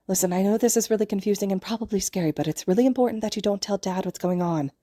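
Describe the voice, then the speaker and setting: A woman's voice: mid-range voice, fast talker, warm tone, no room sound, studio quality, natural voice. A woman voicing an anxious, tearful young big sister in a storybook reading, stammering and shaky.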